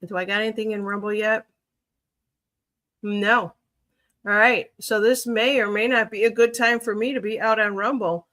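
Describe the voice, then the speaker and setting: Bright-voiced Chicago woman, rambling livestream. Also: medium pitch, steady tone, moderate pace, long pauses. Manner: rambling, thinks aloud with many fillers. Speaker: livestream reader. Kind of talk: casual livestream chat.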